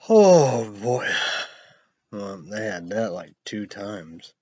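A man's voice: on the low side, very animated, drawn-out words, mellow, dry recording. A young man hosting a casual show, reading news headlines aloud and rambling about them, spelling names letter by letter. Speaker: show host. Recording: dull lo-fi recording.

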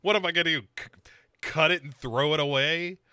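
A man's voice: a little high, fairly quick, bright, forceful tone, clean tone, no echo, studio quality. A man co-hosting a casual comedy podcast, recapping a TV show and jokingly acting out the characters. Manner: jokey, acts out characters in silly voices. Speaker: podcast co-host.

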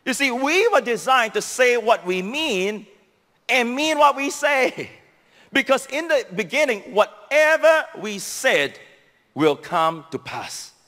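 In a large hall, a pastor with a Singaporean English accent preaches slowly in a sing-song voice that sounds pushed and bright. His sermon is emphatic and repetitive, stressing key phrases with sweeping pitch swings.

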